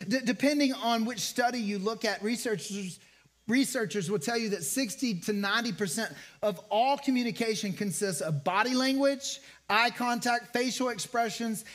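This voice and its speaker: Man, pastor, high voice, conversational sermon, repeats key lines. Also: normal speed, fairly bright tone. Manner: conversational preaching with repeated phrases and rhetorical questions.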